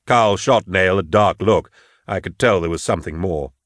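A man narrating an audiobook in a measured, even storytelling manner on a close mic. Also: deep voice, no echo. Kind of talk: audiobook reading.

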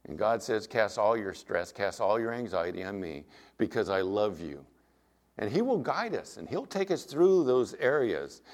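A man's voice: fairly low pitch, very animated, normal speed. A middle-aged man preaching a sermon as pastor, earnest and emphatic, weaving in personal anecdotes.

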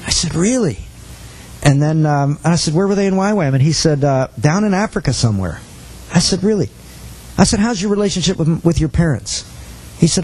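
A man's voice: fairly high pitch, lively intonation, brisk, pauses often, a little mellow, breathy edge, poor audio. A man giving an earnest teaching talk to a missions class, telling a personal story and quoting the dialogue.

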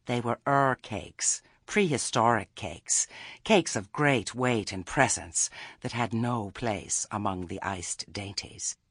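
Male narrator, husky, animated, wry, dry close studio sound. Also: on the low side, slow pace, no room sound. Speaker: audiobook narrator. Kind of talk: scripted narration.

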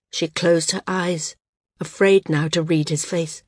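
A woman narrating an audiobook in an even, unhurried reading. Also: lowish voice, breathy edge, no echo, clean studio sound. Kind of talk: scripted narration.

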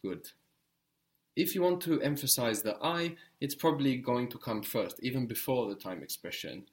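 A man gives a spoken language lesson in an animated, mid-range voice, patiently prompting his student and slowly repeating each answer.

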